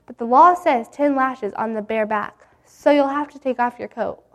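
A woman voicing a gentle but firm male schoolteacher in a read-aloud story. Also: on the high side, normal speed.

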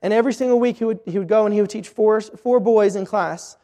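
A high-pitched man preaches with earnest urgency, circling back and restarting his phrases as he pleads with the listener. His voice rings out with a long hall reverb behind it. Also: quick pace, mellow. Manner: earnest, repetitive, with frequent restarts. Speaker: missionary preacher. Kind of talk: sermon.

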